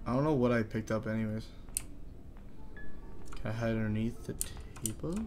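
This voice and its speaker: A man doing horror game commentary, jittery, chattering to himself and quick to panic. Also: lowish voice, steady tone, darkish tone, faint music behind. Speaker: gaming YouTuber.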